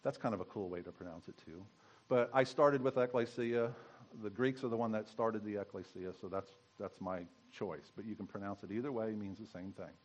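A man's voice: on the low side, fairly quick, dull audio. A man giving a conversational sermon as pastor, teaching and asking his congregation questions.

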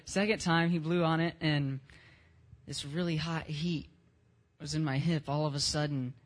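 A man's voice: fairly high pitch, fairly even intonation, moderate pace. A young man in his teens giving a casual spoken testimony at a church service, telling his story in plain, unpolished words with some slang.

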